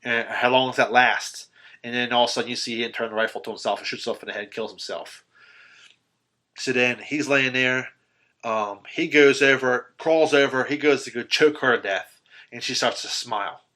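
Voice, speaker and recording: A man on a podcast excitedly retelling a horror film's ending in casual, profanity-laced chat, full of ums and restarts. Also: medium pitch, moderate pace. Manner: animated retelling, swearing, filler-heavy. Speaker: podcast host. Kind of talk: casual film recap chat.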